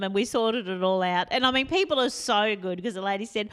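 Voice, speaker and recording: A woman telling funny stories casually to the camera, chatty and animated, with frequent laughs and rambling asides. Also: fairly high pitch, fast, hardly any pauses, smooth. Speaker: support worker and vlogger. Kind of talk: casual storytelling.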